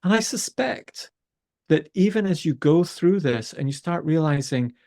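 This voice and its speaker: A man, a podcast host telling a story with exasperated, animated energy. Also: fairly high pitch, unhurried. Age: 50s. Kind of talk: conversational storytelling.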